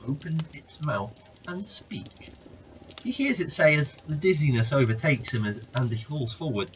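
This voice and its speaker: A man reading a long story aloud as narrator, with expressive, animated delivery. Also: mid-range voice, slight background noise, low-quality recording.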